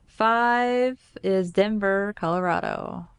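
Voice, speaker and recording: A woman's voice: mid-range voice, takes it slowly, smooth, dry recording. Giggly woman with a Kentucky accent, dry sound. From United States. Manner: giggly, laughs often. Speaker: podcast co-host. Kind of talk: casual chat.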